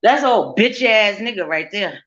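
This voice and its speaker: A woman's voice: medium pitch, lively intonation, unhurried, fairly bright tone, highs cut off. A woman hosting a casual livestream from her kitchen, talking bluntly to her chat, swearing freely and laughing often. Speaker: livestream host. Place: home kitchen, cooking while streaming.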